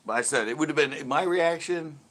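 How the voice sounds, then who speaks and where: A man hosting a casual livestream chat, telling a fishing story and reading viewers' questions. He laughs often and gets lively when he quotes other people. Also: fairly high pitch, brisk. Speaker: livestream host.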